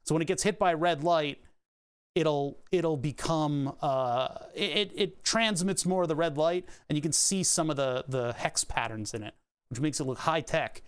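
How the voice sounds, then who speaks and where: A man's voice: on the high side, normal speed, clean tone. A man streaming casually while he works on a craft project, rambling and restarting sentences and laughing at puns as he talks to his chat. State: hiccuping, heartburn.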